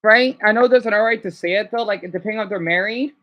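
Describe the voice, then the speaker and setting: This livestreamer speaks fast in a high voice, with the highs cut off in the audio. Answering his chat casually, he rambles, hesitates, and restarts many times.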